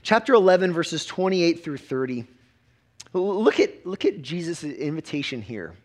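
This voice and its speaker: A man, a pastor preaching a sermon with emphatic repetitions and quick restarts. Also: fairly high pitch, big pitch swings.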